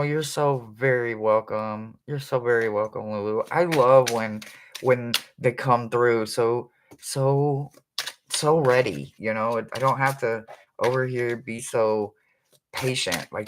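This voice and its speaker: A psychic reader giving a casual, rambling live reading for viewers, chatty and quick to laugh, with informal slang. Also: mid-range voice, noisy background.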